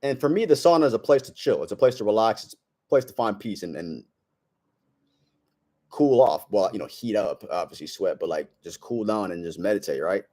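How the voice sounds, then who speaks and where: Talking fairly quickly in a low, dark, animated voice, a young man addresses the camera in a casual monologue. He tells a story brashly, full of slang and frequent "bro"s, and doesn't soften his advice.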